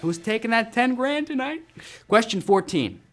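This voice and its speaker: A man's voice: very high-pitched, sing-song, moderate pace, music in the background. A man hosting a live trivia game show, reading questions and answers with upbeat, jokey asides to the players. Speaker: quiz show host.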